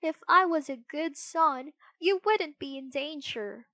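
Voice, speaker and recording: A woman's voice: sits high, animated, slow pace, pushed and bright, no room sound, voice pushed up, heavily acted. A woman doing a stubborn puppet boy. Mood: earnest. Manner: exclaiming, earnest.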